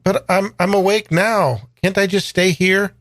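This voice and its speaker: A man's voice: sits high, steady tone, measured pace, a bit bright, voice pushed up. A man voicing a timid eight-year-old boy who stammers and pleads. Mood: scared.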